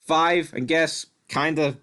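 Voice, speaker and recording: A man's voice: on the high side, steady tone, slow, sharp tone. A man co-hosting a podcast, chatting casually in an easygoing, blunt way and swearing now and then. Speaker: podcast co-host. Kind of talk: casual TV recap chat.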